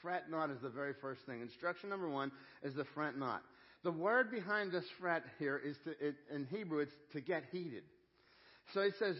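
A man delivers a sermon in an earnest, conversational way, circling back over his phrases as he goes. His voice sits a little high for a man. The recording is dull and lo-fi. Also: expressive, brisk. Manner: earnest, conversational preaching with repeated phrases and restarts. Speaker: pastor.

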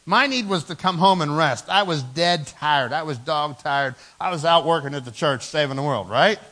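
A man in his forties preaching a sermon in a church, telling stories with animated, self-mocking humor. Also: a little high, normal speed, low-quality recording. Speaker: pastor. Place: church sanctuary.

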